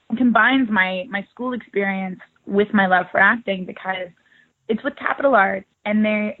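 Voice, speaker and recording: Chatty young woman on a tinny phone line. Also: mid-range voice. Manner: chatty, upbeat, laughs easily. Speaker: actress guest. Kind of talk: casual interview.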